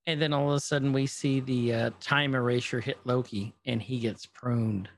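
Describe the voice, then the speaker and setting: A man chatting casually, recounting scenes and slipping into quick character voices as he tells them. His voice sits in an ordinary middle pitch, relaxed and unforced. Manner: animated storytelling, acting out scenes in quoted voices. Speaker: co-host reacting to a series. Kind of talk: casual chat.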